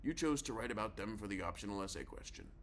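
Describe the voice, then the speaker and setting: A sarcastic old history teacher, voiced by a male reader, lingering on his cutting remarks. The voice sits fairly low, with a faint hiss of background noise under the storybook reading. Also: expressive, quick pace. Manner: sarcastic, repeats himself.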